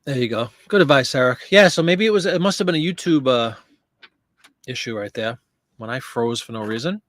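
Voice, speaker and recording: A man with a medium-pitched, animated, slightly bright voice talks briskly while hosting a live stream where he lists items for sale. He chats casually and answers viewer comments as he works, and the sound is clean, studio quality with no echo.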